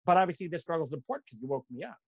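A man teaching a religious lesson, acting out inner voices dramatically and bursting into shouts. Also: fairly high pitch, lively intonation, very fast, creaky, no echo. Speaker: Torah teacher. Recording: dull lo-fi dry recording.

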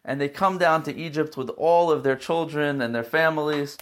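A man's voice: fairly high pitch, moderate pace. A man giving a weekly Torah portion talk as a teacher, telling the story in an earnest, emotional way.

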